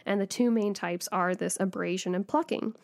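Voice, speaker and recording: A woman co-hosting a podcast who explains things in a lively, teacherly way during casual chat. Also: mid-range voice, moderate pace, gravelly. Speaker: podcast co-host.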